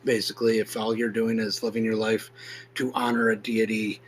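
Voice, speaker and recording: A man hosting a podcast, reading a text aloud slowly and with weighty emphasis, then explaining it in loose, casual talk. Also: lowish voice, little pitch movement, slight background noise, rough recording. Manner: slow, emphatic recitation when reading; loose, conversational, with fillers when explaining. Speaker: podcast host.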